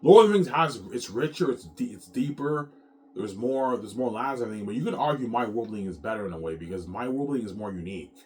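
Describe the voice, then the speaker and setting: A man's voice: mid-range voice, animated, fast talker, darkish tone, slight background noise. A man casually rambling about his own novel, stumbling over repeated restarts and swearing freely as he boasts about it.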